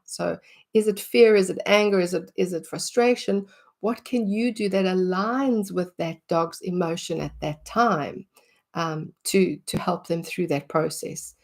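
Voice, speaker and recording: A middle-aged woman, teaching about dog behaviour in a casual way and acting out what she would say. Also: medium pitch. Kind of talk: conversational teaching talk.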